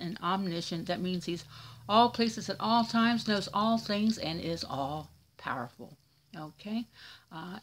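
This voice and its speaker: Chatty woman preaching to viewers. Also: lowish voice. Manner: chatty, tender, addresses viewers as "you guys" and "y'all". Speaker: Christian video host reading viewer comments. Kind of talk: casual religious talk to camera. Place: at home in Florida.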